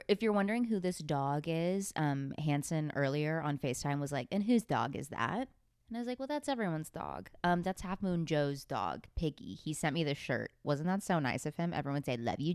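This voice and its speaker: A young woman chats through her podcast from a beanbag at home, loose and joking. She teases herself and swears freely. Her voice sits a little low and sounds close and dry, with no room around it. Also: lively intonation, moderate pace, a little mellow, clear, resonant tone, no room sound. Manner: playful, self-mocking, swears casually. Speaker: podcast host. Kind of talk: casual chat.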